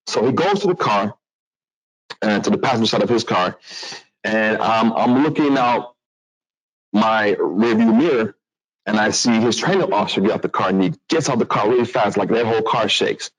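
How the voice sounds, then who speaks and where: A man telling a personal story to an audience in a lively, animated way. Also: fairly low pitch, moderate pace, poor audio. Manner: animated, acts out other voices, restarts a lot.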